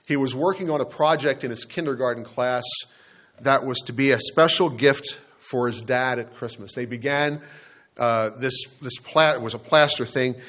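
Preaching from the pulpit, a man tells his congregation a story and turns to address them directly. His voice is mid-pitched with a fairly bright tone, and he slows sharply to stress his key points.

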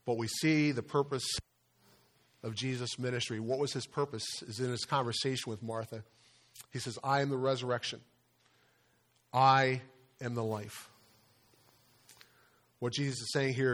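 A man's voice: fairly even intonation, normal speed, long pauses. Older man preaching in a storytelling way. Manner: conversational storytelling with frequent fillers and restarts; voice drops soft, rises high on quoted questions. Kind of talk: sermon.

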